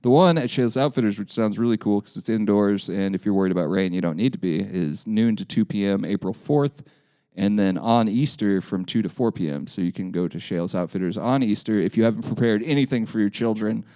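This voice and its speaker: A man's voice: fairly low pitch, a little fast, dark tone, dry recording, clean studio sound. A man co-hosting a local news podcast in casual, joking chat, often correcting himself as he goes. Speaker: podcast co-host.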